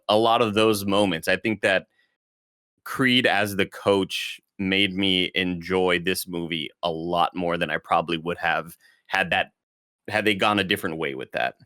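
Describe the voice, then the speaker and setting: Bright, dry-voiced man. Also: lowish voice, clear, resonant tone, no room sound. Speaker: podcast co-host. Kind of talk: casual movie review chat.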